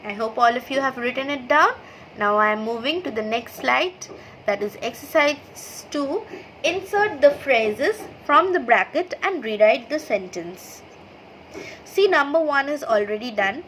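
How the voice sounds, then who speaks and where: A high-pitched woman with an Indian English accent teaches a children's grammar lesson, reading each example aloud and stopping to say "okay". A faint hiss sits under her voice. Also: expressive, fairly bright tone, rough recording. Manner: reads sentences aloud, then names the punctuation; slow, explanatory, checks in with "okay". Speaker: school teacher. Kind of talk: online class lesson over slides.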